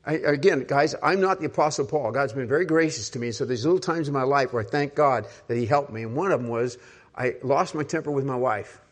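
An older man preaches a sermon in an easy, conversational way, putting rhetorical questions to his listeners. When he turns to his own stories, he drops to a soft, hushed voice. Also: medium pitch, a little fast. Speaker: pastor.

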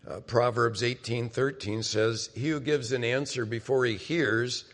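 A middle-aged man delivers a sermon in a relaxed, conversational way, turning to the congregation with direct questions. His voice sits at an ordinary middle pitch for a man. A long reverb from the church hall trails each phrase. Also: measured pace. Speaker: pastor.

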